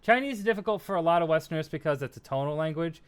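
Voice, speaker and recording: A racing, expressive voice on the fairly high side, clear and resonant, belongs to a young American streamer. He reads comments from viewers in loose, casual chat, rambling along with lots of laughs and fillers and a self-deprecating streak.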